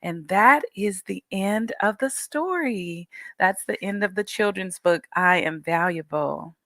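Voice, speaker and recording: A woman reading her children's book aloud slowly and expressively, coaching young listeners to repeat affirmations. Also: medium pitch, expressive, fairly bright tone, no room sound. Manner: slow, emphatic storytelling, coaching children to repeat.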